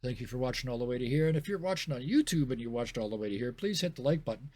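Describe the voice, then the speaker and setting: A man's voice: medium pitch, lively intonation, rapid-fire, a little mellow, no room sound. A man hosting a stream as game master, narrating a scene and then thanking players and chat in a chatty, self-deprecating way.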